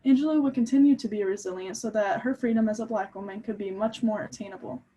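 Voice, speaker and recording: A woman's voice: medium pitch, quick pace, dark tone, poor audio. A young woman giving a class presentation, speaking earnestly from notes, with occasional ums and restarts as she explains her points. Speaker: student presenter.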